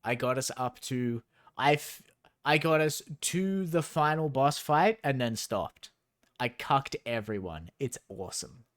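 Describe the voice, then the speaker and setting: Man, streamer, sarcastic, rambling, slow-paced, reading aloud. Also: medium pitch, lively intonation.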